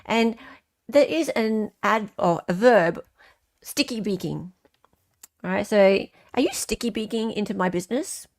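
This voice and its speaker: A woman's voice: medium pitch, a little slow, darkish tone. An Australian woman hosting a casual livestream, chatting with viewers, reading their comments, and ranting freely. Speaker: livestream host.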